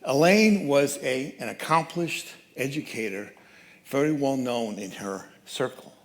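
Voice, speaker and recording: A man giving a sermon as guest speaker at a church, telling a story with lively changes of voice. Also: medium pitch, unhurried. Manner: animated storyteller, acts out quoted voices. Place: church sanctuary.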